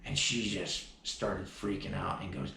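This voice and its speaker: Brief: a man with a deep, gravelly voice in an emphatic personal vlog, roomy echo. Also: fairly even intonation, a little slow, sharp tone. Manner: emphatic storytelling with frequent restarts and "like". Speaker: vlogger. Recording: echoey room, faint background noise.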